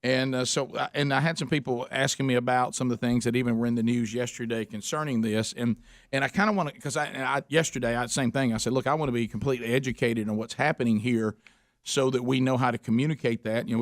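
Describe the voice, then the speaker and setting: A man hosting a talk radio show, speaking earnestly with many halting restarts. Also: mid-range voice, no echo, studio quality. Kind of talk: casual talk radio chat. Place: radio studio. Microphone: studio microphone.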